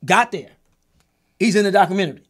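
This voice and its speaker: A man with a high-pitched voice tells a heated story in a group chat. He is emphatic, repeats and restarts his words, and swears freely. He sounds like a producer settling a score. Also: lively intonation, brisk, fairly bright tone, husky. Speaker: documentary creator and executive producer.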